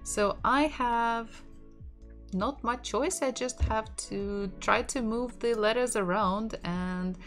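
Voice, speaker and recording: A woman's voice: a little high, slow, faint music behind. A woman from Russia, a native Russian speaker with a Russian accent, teaching a casual online language lesson, repeating words aloud and laughing lightly as she goes.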